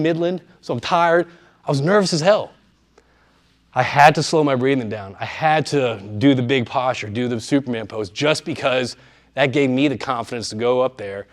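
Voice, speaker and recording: A man giving a live presentation to students in a room, speaking conversationally and often checking in with his audience. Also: fairly high pitch. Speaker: workshop speaker.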